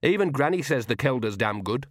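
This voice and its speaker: A man's voice: medium pitch, animated, fairly quick, dry recording, clean studio sound, pitched above the performer's own voice, close to an everyday voice. A man voicing a chatty, earthy old grandmother witch with a homely, blunt way of talking, in a storybook reading. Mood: gossipy. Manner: homely, folksy, cheerfully blunt.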